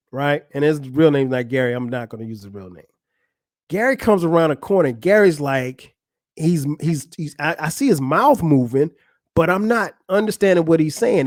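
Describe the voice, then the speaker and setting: A man's voice: a little high, dry recording, studio quality. A man hosting a podcast, telling a funny story in a casual, profane way and acting out what other people said. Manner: animated, profane, acts out other people's lines. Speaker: podcast host. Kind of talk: storytelling monologue.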